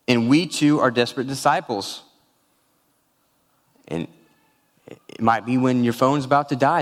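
A man's voice: medium pitch, measured pace, long pauses, long reverb tail. A man preaching a sermon, telling a personal story with feeling and weaving in scripture. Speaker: pastor.

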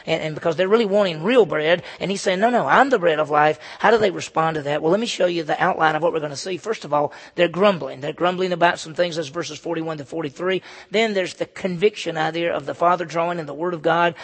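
A man's voice: a little high, fast, hardly any pauses, husky. A male pastor preaching an expository sermon to his congregation, emphatic and repeating key phrases. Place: church with a congregation.

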